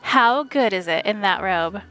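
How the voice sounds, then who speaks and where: A woman reading an audiobook, voicing a pushy, self-absorbed rich young woman in a slow drawl. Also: fairly high pitch, expressive, a bit bright, soft background music, rough recording.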